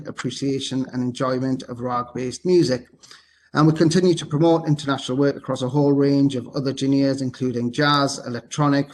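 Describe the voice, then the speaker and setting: A man from North East England with a Geordie accent, an arts director giving a deliberately measured presentation on a video call. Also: mid-range voice, darkish tone, a little hiss or hum. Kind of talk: panel presentation.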